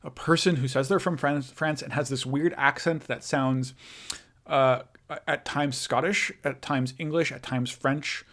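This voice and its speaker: A man's voice: medium pitch, steady tone, measured pace, a bit bright. Casual man lecturing with many fillers. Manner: casual, thinking aloud with many fillers and self-corrections. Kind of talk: recorded lecture. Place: in front of a backdrop image.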